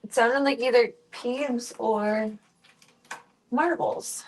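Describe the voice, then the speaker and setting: A woman streaming casually from home, chatting with viewers and talking softly to her cats. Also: on the high side, slow, a little hiss or hum. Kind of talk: casual live-stream chat.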